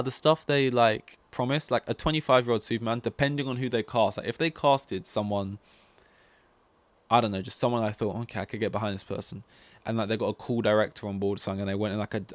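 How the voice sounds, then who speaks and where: A man's voice: on the low side, no room sound. A man hosting a solo podcast, rambling casually through opinions with lots of fillers and swearing. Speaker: podcast host.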